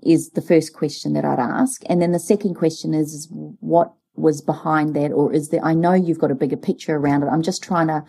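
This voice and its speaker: Husky-voiced woman in her forties, chatty. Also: low-pitched, brisk, hardly any pauses. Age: 40s. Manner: animated storyteller, acts out dialogue. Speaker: podcast co-host. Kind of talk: casual chat.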